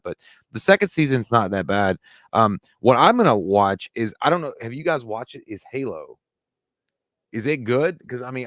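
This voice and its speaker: A man with a somewhat low voice chats casually on a live stream, reading out viewer comments and riffing on each with loose, profane asides. The sound is close and dry, with no room around it. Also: fairly bright tone, no echo. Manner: loose, profane, rambling answers to chat. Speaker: live show co-host reading chat.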